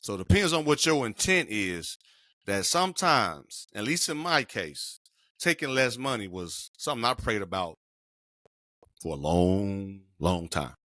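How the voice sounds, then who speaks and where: A man's voice: lowish voice, big pitch swings, measured pace, sharp tone, dry recording, clean studio sound. A middle-aged man co-hosting a podcast, telling a personal story in an emphatic, slangy way. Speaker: podcast co-host. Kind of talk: casual podcast conversation.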